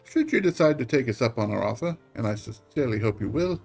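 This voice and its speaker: A man's voice: mid-range voice, expressive, fast, creaky. A man voicing a formal, earnest envoy of a secret order in a game, reading with a stately, courteous delivery over faint music.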